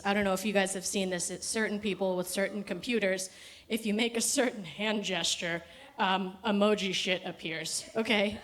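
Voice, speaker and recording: A woman's voice: medium pitch, a bit bright. A young woman doing stand-up into a stage mic, chatty and freely profane. She rants in a loose, run-on way and keeps breaking into laughter at her own lines. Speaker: stand-up comedian. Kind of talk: stand-up set. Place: comedy festival stage.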